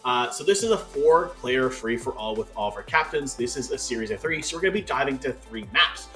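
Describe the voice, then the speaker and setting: A Canadian man hosting an esports tournament desk, excitable and full of "like" fillers. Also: medium pitch, a little fast, soft background music. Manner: excitable, filler-heavy with lots of "like". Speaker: tournament host.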